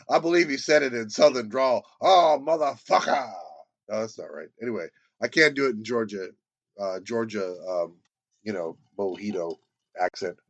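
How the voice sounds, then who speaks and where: Casual podcast co-host, male, lively storyteller, slightly dull dry recording. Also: fairly low pitch, normal speed, no echo. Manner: animated, laughs often, acts out quotes. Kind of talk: casual book discussion.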